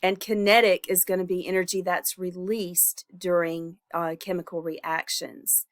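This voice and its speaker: A woman's voice: lowish voice, level tone, a little slow. A woman instructor recording a lecture, her voice stuffy and congested from illness, speaking informally with fillers and self-corrections.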